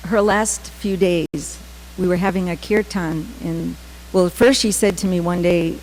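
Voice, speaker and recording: Lowish woman telling a story. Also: fairly even intonation, a little mellow, slight background noise, rough recording. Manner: storytelling with acted-out quotes, many "um" pauses. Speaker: speaker giving a temple class. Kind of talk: scripture class with personal storytelling.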